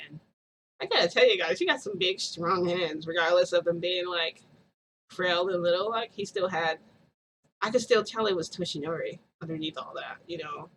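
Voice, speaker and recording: A woman's voice: deep voice, slight background noise. Giggly, gushing woman vlogger. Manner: giggly, gushing, addresses viewers as "guys". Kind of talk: chatty storytelling to viewers.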